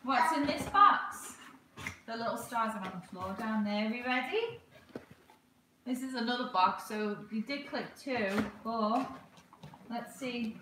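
A woman's voice: fairly high pitch, measured pace, bright, forceful tone. A woman chatting casually on a livestream, talking to her baby and her viewers while she opens gifts. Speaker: livestream host. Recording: echoey room, far from the mic, noisy background.

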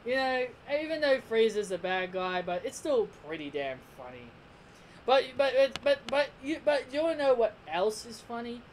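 A man's voice: very high-pitched, sing-song, moderate pace, a little hiss or hum, low-quality recording. Rambling, amused male reviewer. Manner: rambling, frequent restarts and repeats; amused, laughs often. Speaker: anime episode reviewer. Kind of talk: casual spoken review.

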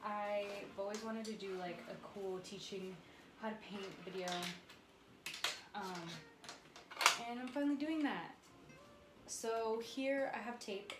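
A young woman chatting casually as she teaches painting at home, rambling and filling gaps with um and like. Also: medium pitch. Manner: chatty, rambling, says um and like a lot. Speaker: vlogger. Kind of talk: casual painting tutorial chat. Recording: roomy echo with music behind.

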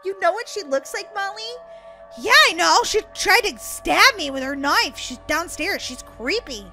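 A woman's voice: very high voice, expressive, normal speed, sharp tone, soft background music. A woman role-playing in a game, talking dramatically, squealing and gasping, swinging from panic to jokes. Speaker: gamer playing as a character in a roleplay. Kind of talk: excitable game role-play chat.

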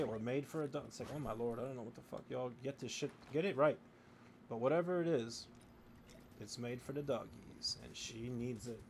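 A man streaming a video game, chatting loosely with his viewers and swearing freely as he plays, in a room with faint background noise. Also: mid-range voice. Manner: rambling, profane, talking to chat while playing. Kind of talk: casual live-stream chat.

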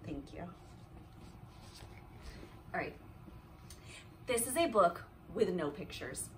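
A mother in her thirties playfully reading a silly picture book aloud to her child at home, with animated delivery. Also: fairly low pitch, takes it slowly, distant mic, a little hiss or hum. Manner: animated, silly voices, laughing while reading. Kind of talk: playful read-aloud storytelling.

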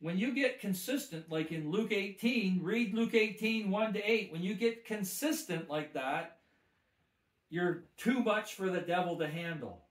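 A man's voice: sits high, measured pace, roomy sound. A man, a minister, telling his testimony with emphatic, preacher-like repetition. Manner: emphatic preacher, repeats phrases with rising force. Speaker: guest minister. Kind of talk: testimony storytelling.

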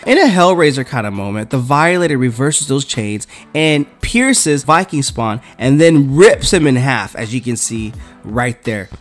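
A man's voice: medium pitch, very animated, measured pace, faint music behind. A man casually reviewing a comic book in a laid-back, slangy way.

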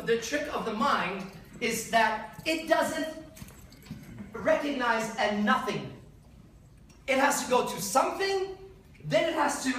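A man speaking at a conference, animated and profane, acting out little scenes for the crowd. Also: very high voice, a little hiss or hum. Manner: profane, animated, acts out voices. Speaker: seminar speaker. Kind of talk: conference talk. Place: large conference hall. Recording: echoey hall from far off.

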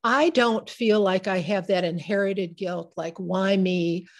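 Emotional woman in her sixties reminiscing. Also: medium pitch. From Midwest United States. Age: 60s. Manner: emotional, halting, with many restarts. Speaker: author being interviewed. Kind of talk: reflective personal storytelling.

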